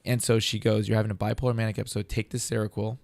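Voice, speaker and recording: Gravelly man telling a story. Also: fairly low pitch, rapid-fire, no echo. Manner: animated, profane, acts out quoted dialogue. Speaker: comedian guest. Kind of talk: casual storytelling.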